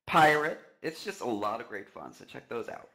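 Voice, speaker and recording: A man co-hosting a live news stream, reading announcements in a steady way with frequent fillers. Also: medium pitch, moderate pace, vocal fry, rough recording. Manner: steady delivery with many "uh" fillers.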